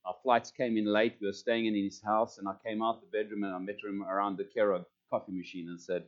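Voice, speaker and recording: Pastor guy rambling through church news, lowish voice, kinda muffled recording. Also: level tone, fairly quick. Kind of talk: church announcements.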